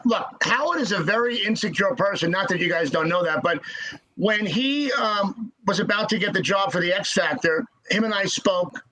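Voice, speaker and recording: Man, podcast guest, casual storytelling, halting repeated words, high bright voice. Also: rough recording.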